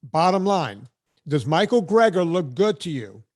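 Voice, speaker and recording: A man's voice: a little high, big pitch swings, a little slow, a little mellow. A man hosting a podcast, ranting bluntly and sarcastically in casual chat. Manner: blunt, sarcastic, emphatic rants. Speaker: podcast host.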